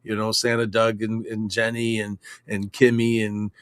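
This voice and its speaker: A man's voice: on the low side, completely flat delivery, clean tone, no room sound, clean studio sound. Rambling man co-hosting a chat show. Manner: rambling, halting with many fillers. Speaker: co-host. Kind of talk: casual chat.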